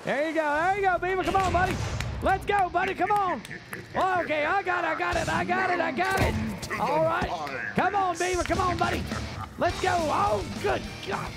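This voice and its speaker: High, excitable man yelling orders over game music. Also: moderate pace. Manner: bossy, excitable, yells orders at crew. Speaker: game streamer and ship captain. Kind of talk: excited casual gaming banter.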